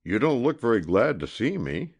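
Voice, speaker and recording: A man's voice: medium pitch, big pitch swings, normal speed, pitched above the performer's own voice. A man voicing a jealous, volatile young hunter in an audiobook, pleading and then savagely threatening. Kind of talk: audiobook character reading.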